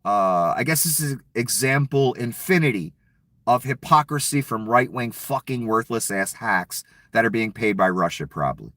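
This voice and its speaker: A man's voice: mid-range voice, lively intonation, moderate pace, fairly bright tone, dry recording. A man giving an angry, profane political rant with a sarcastic, heated delivery. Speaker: political commentator.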